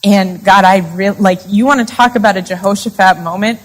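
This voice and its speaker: A woman's voice: mid-range voice, steady tone, a little fast, poor audio. A woman with a mid-range voice talks openly to a live conference crowd about faith. Her delivery is chatty and confessional, peppered with "like". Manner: chatty and confessional, with frequent "like" fillers. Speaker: conference speaker and podcast co-host. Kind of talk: candid faith talk to a live audience. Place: live women's conference session.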